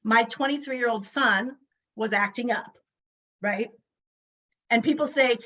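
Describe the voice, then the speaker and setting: A woman's voice: a little high, slow pace, pauses often, sharp tone. A woman in her forties giving a motivational talk over a video call, emphatic and full of rhetorical questions. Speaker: guest speaker.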